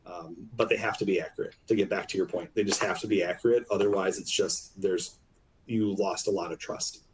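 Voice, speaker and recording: Brief: male panelist, lowish voice, explains points at length. Faint rumble in the background. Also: steady tone, brisk. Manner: explanatory, often adds "right?". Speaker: revenue cycle leader, panelist. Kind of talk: panel discussion.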